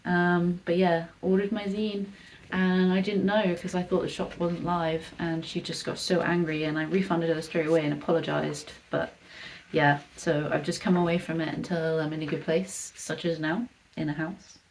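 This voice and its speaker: A woman's voice: on the low side, flat delivery, normal speed, a little hiss or hum, rough recording. A woman in casual vlog chat, rambling as she gives a tour of her home. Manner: chatty and rambling, soft asides to herself. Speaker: artist vlogger.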